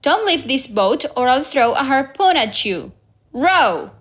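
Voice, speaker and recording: A woman's voice: high-pitched, big pitch swings, measured pace, fairly bright tone, exaggerated voice. A woman voicing an obsessed old male whaling captain in a storybook reading, with a raised, commanding voice.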